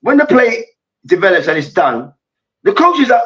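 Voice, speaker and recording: A man hosting a heated sports debate, loud and full of swearing, acting out players and coaches as he rants. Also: sits high, sing-song, normal speed. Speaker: host. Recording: distant, dull lo-fi mic.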